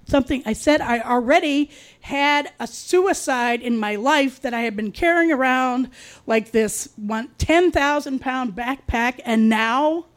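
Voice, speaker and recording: A middle-aged woman telling a personal true story in a wry, confiding way, with dark humor. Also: high-pitched.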